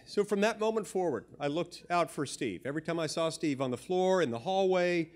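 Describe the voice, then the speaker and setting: A man's voice: a little high, expressive, brisk. Man telling a dry, self-mocking story. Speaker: senator giving a speech. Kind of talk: humorous anecdotal speech.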